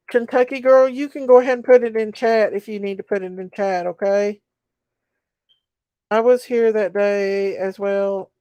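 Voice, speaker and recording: A woman hosts a casual livestream, chatting with viewers and reading their comments aloud. Her voice is smooth and clear, recorded dry and close. She talks in an emotional, chatty way. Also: mid-range voice, darkish tone, no echo. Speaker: livestream host.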